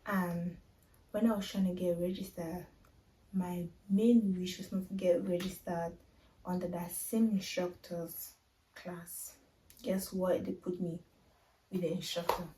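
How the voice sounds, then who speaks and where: A young woman shares a personal story on her vlog, confiding and emotional, talking straight to her viewers. Her voice is mellow and a bit dark, and she sits a little back from the microphone. The room around her is echoey. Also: on the low side, little pitch movement, unhurried, far from the mic. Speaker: vlogger.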